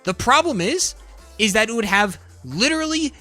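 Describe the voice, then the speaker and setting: A man's voice: extremely high pitch, very animated, normal speed, sharp tone, soft background music. A man livestreaming, ranting about politics in a profane, heated, rambling way. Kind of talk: casual political rant while gaming.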